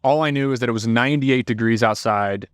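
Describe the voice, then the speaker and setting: A man from Indiana, a podcast guest telling stories in a casual, animated way, swearing freely. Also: mid-range voice, a little fast, clean tone, dry recording, studio quality. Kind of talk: casual storytelling.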